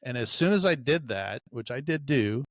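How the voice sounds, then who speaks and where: Rich: A man at a middle pitch tells a story on a podcast in a relaxed, chatty way. He slips into the voices of the people he quotes. The sound is dry and close, with no room echo. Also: normal speed. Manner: storyteller who acts out quoted dialogue. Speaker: podcast co-host. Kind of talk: casual podcast chat.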